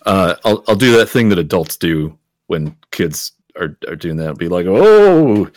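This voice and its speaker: A man's voice: low voice, no echo, studio quality. A man playing a tabletop game who speaks hesitantly and tells stories in character. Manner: slow, hesitant. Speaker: player. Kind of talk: tabletop role-play.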